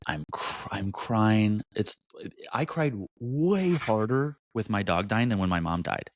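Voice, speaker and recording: A man speaking as an interview guest, candid and animated, often jumping high in pitch when he acts out what he or others said. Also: a little slow, a little hiss or hum. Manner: animated, expressive, jumps into high pitch for quoted voices. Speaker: guest, mental health advocate.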